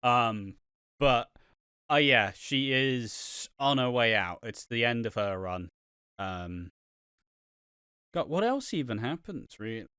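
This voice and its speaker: A man's voice: mid-range voice, animated, takes it slowly, pauses often, sharp tone, smooth, dry recording, clean studio sound. A man co-hosting a podcast in casual chat, candid and offhand with frequent swearing. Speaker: podcast co-host.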